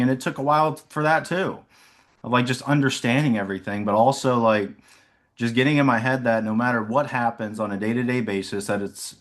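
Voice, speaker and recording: Low-voiced young man sharing his story. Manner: rambling, many "like" fillers, laughs often. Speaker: insurance sales agent. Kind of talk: casual reflective talk. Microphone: video call.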